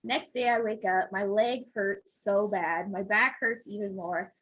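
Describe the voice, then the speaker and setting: A woman's voice: medium pitch, fairly even intonation, measured pace, fairly bright tone, a little hiss or hum, rough recording. A woman who works as a physical therapist, animatedly telling a story in casual chat, acting out the voices and laughing often.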